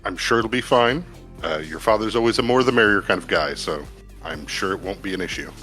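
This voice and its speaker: Brisk, stern woman security chief, a man doing it in a tabletop game; bright, lowish voice, soft music underneath.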